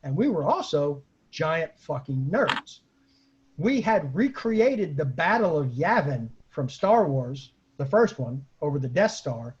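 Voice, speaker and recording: A middle-aged man telling a profane anecdote in a casual, lively way, as the host of an online storytelling call. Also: fairly high pitch, slightly rough, muffled recording. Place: at home on a video call.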